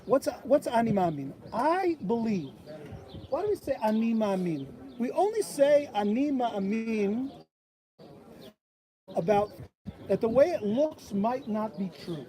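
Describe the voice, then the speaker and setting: A man's voice: very high-pitched, measured pace. A man giving a sermon at a bat mitzvah, telling stories and acting out the voices of people he quotes. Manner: animated storyteller who acts out quoted voices. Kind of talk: sermon with storytelling. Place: outdoors at an old stone wall. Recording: outdoor crowd noise.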